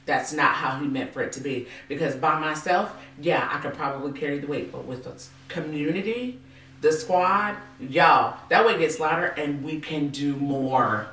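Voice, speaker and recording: A woman hosting a casual faith-based interview, animated and playful, acting out quotes with big jumps in her voice. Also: low-pitched, moderate pace, reverberant, recorded from a distance, rough recording. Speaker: podcast host.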